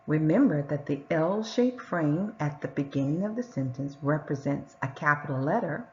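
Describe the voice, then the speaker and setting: A woman teacher giving a patient reading lesson to young children, sounding out words and reading sentences slowly and clearly. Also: fairly low pitch, muffled recording, a little hiss or hum.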